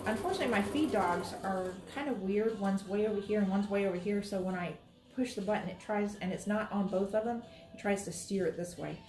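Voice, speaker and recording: A woman gives a casual quilting demonstration, chatty and reassuring as she works at her sewing station and moves between workstations in a sewing room. Her voice is medium-pitched and a little fast.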